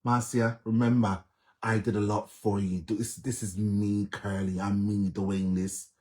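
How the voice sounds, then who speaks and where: A man's voice: fairly low pitch, little pitch movement, a little slow, a little mellow. A man with a Jamaican accent, talking straight to viewers on a live stream, earnest and pleading and repeating himself often. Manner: earnest, pleading, heavy repetition. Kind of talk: casual live-stream monologue.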